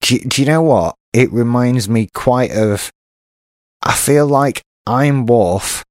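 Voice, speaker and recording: A man's voice: medium pitch, slow pace, no room sound, clean studio sound. A British man co-hosting a podcast, chatting casually and often restarting his sentences. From Britain. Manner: chatty, self-interrupting. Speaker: podcast co-host. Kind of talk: casual chat.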